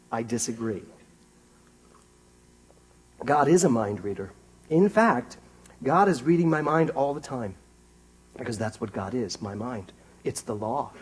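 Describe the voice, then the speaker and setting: A man preaching a sermon to a congregation in a small theater, animated and rising to excited emphasis, asking his listeners questions. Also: mid-range voice, husky. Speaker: minister.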